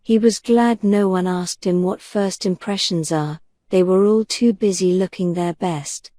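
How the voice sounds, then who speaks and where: A woman narrating a bedtime audiobook in a gentle, unhurried, soothing manner. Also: lowish voice, no echo. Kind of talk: soft bedtime story narration.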